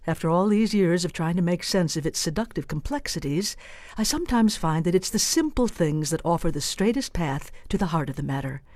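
A woman's voice: lowish voice, expressive, a little fast, a little mellow, no room sound. A woman giving a scripted radio commentary in a playful, wry, theatrical way. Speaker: radio essayist.

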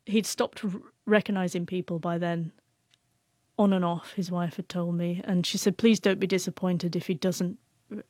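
A woman's voice: on the low side, little pitch movement, moderate pace, a little mellow, no echo. Brief: stuttering woman, young adult, author guest, dry close mic, sincere storytelling. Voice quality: stutters, repeats sounds. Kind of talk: emotional personal storytelling.

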